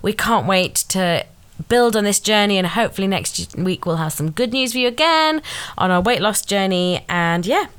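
A woman co-hosts a casual podcast, gushing thanks in a bubbly, giggly way. She sounds tired, yet her pitch leaps animatedly between low and high. Her speech tumbles out quickly in bursts. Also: animated, fairly bright tone, clear, resonant tone. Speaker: podcast co-host. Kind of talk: casual chat.

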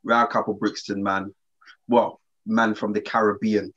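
A man, co-hosting a casual chat and telling a story in relaxed slang with many restarts. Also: fairly low pitch, unhurried, husky. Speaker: podcast co-host. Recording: slightly dull lo-fi sound.

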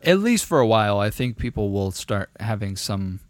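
A young man on a casual podcast, rambling through a story with lots of swearing and quoted dialogue. His voice is smooth and resonant, and the sound is dry and close, with no room around it. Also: lowish voice, moderate pace, dry recording. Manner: rambling, profane, animated storyteller. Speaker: podcast co-host.

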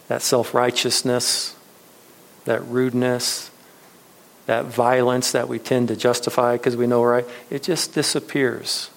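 A man's voice: medium pitch, creaky. A man preaching a sermon, earnest and reflective, telling stories to make his point. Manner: earnest storytelling preacher, soft reflective closes. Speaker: pastor.

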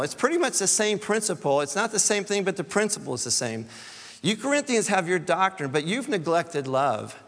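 A man's voice: high-pitched, animated, fairly quick, fairly bright tone, long reverb tail. A man, a church elder, preaching a conversational sermon, often repeating words and rising to emphatic peaks.

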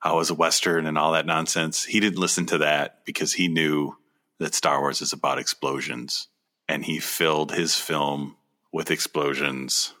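A man with a deep voice that still comes across bright and forceful. He talks in relaxed, joking podcast banter and clearly enjoys the topic. His manner is casual and upbeat. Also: moderate pace. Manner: enthusiastic, joking fan banter. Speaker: podcast co-host. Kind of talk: casual chat.

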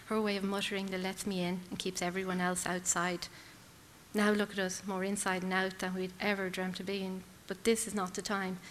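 A woman reading literary prose aloud in measured, intense, clipped phrases. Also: medium pitch, long reverb tail, a little hiss or hum. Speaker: reader.

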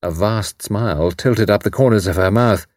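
A man narrating an audiobook in a measured, expressive reading style, close to the mic. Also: lowish voice, no room sound. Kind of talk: scripted narration.

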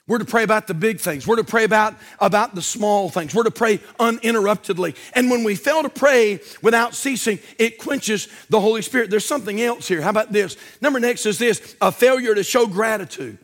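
Male preacher, high voice, chatty and homespun, swells into fiery emphasis. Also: brisk, few pauses, fairly bright tone. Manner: folksy, conversational preaching with rising intensity. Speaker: pastor. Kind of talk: sermon.

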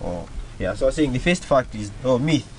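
A young man on a radio panel reading statements aloud in a quiet, halting way. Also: medium pitch, animated, crowd noise, rough recording. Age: young adult. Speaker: youth panelist.

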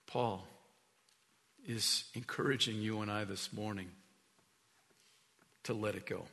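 Bright-voiced pastor preaching in a hall. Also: male voice, lowish voice, fairly even intonation, slow pace, gravelly. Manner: emphatic storytelling preacher, swinging from hushed to loud. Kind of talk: sermon. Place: church sanctuary. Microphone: stage mic.

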